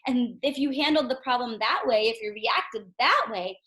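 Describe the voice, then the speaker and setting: High-voiced woman teaching young children. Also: moderate pace, a little hiss or hum. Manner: gentle, asks questions, often checks with "right?". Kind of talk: reading lesson for young children.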